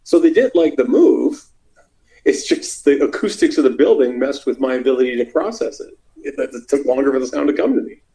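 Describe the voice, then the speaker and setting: A middle-aged man from Canada telling stories from his wrestling career in a casual, animated way, acting out what people said. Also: fairly quick, creaky, poor audio. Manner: animated, acts out quotes in loud high voices. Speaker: interview guest, former wrestler. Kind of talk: casual storytelling.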